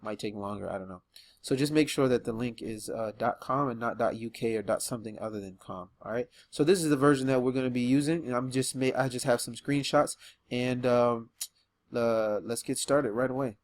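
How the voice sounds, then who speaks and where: A man's voice: mid-range voice, brisk. Easygoing man teaching letters. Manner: relaxed and chatty, with frequent ums; loud, emphatic modelling of letter sounds. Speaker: Quran reading teacher. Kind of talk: beginner Arabic lesson video.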